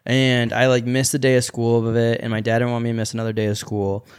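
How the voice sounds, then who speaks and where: A young man spinning a rambling story on a podcast, voice close and dry with no room around it. He talks in loose, casual chat, laughing as he goes, at a middle pitch. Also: monotone, fast, clear, resonant tone, dry recording. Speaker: podcast co-host.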